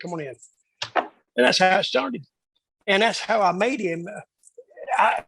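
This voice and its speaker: The guest storyteller speaks in a high-pitched, slightly rough, somewhat bright voice, rambling through backstage stories in a casual interview and acting out what people said. There's no echo, but the recording quality is low.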